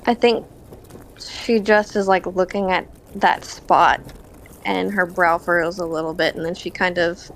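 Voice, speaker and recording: A woman plays in a tabletop game over a video call, describing her character very slowly and hesitantly. She speaks softly at a mid pitch, with faint noise behind her. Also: fairly even intonation, rough recording. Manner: slow, hesitant and soft-spoken. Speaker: player.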